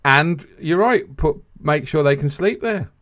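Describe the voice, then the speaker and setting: A man co-hosting a podcast in loose, animated, sweary chat that rambles from point to point. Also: a little high, measured pace. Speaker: podcast co-host. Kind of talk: casual banter podcast.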